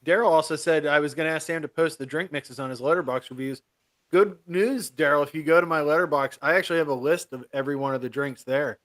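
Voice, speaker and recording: A man co-hosting a show, chatting casually with jokes and quick banter. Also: on the high side, fairly bright tone. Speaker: co-host. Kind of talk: casual chat.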